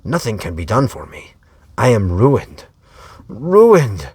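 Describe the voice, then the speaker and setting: A man's voice: lowish voice, huge pitch swings, slow pace, darkish tone, slightly rough, no room sound, full character voice. A man voicing a distraught young village woman in an audiobook reading, speaking in an anguished, self-reproaching way.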